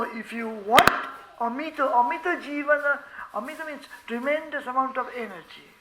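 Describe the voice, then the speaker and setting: A man giving a devotional discourse to an audience as a spiritual teacher. He chants verses slowly and puts questions to his listeners. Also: very high-pitched, pushed and bright, a little hiss or hum, poor audio. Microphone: live talk before an audience.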